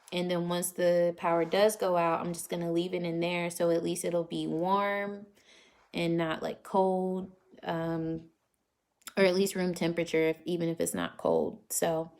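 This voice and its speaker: Chatty young woman, lower voice. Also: a little mellow. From North Carolina. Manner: rambling, chatty, laughs often. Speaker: vlogger answering live comments. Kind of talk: casual livestream chat. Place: at home. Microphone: phone front camera.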